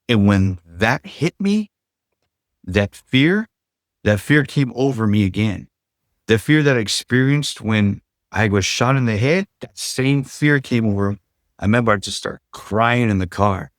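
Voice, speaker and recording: Middle-aged socal guy telling his life story, kinda low voice, laid back, says like and you know a lot. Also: animated, a little slow, dry recording, clean studio sound. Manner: loose, street-casual talk full of "like" and "you know". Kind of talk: casual storytelling.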